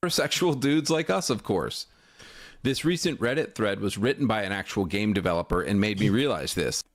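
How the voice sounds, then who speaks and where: Brief: male online commentator, animated swooping pitch, pointed emphatic delivery. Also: normal speed. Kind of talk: commentary video clip.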